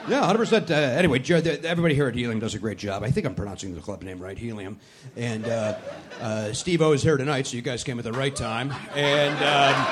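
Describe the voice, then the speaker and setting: A man's voice: fairly high pitch, sing-song, fast. A man hosting a podcast live on a comedy club stage, talking in a brash, sarcastic, profane way. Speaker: podcast host. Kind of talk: live stand-up style podcast banter. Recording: live club recording with crowd and noise. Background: audience laughter.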